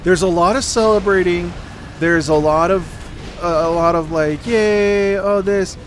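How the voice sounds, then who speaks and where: A man's voice: a little high, level tone, moderate pace, fairly bright tone, soft background music. A man streaming a game, telling a long, rambling, profane story in casual chat. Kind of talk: casual storytelling while gaming.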